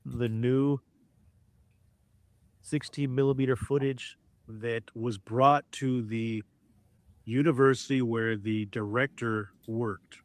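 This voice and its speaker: A man casually and excitedly recapping a documentary on a podcast, often quoting the people in it. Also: mid-range voice, takes it slowly, long pauses, no room sound. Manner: excited retelling, quotes people. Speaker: podcast co-host.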